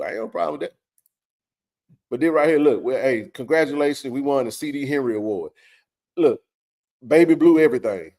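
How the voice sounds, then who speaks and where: A man's voice: mid-range voice, darkish tone. A man hosting a sports talk stream, ranting bluntly in casual, profane talk. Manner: heated, blunt ranting with frequent swearing.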